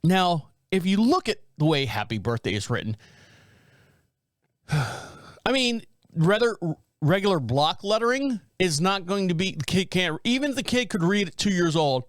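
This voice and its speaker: A man's voice: sits high, sing-song, normal speed, dry recording, clean studio sound. A man hosting a podcast, reading out a story in a casual, rambling, blunt way with joking asides. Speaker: podcast host.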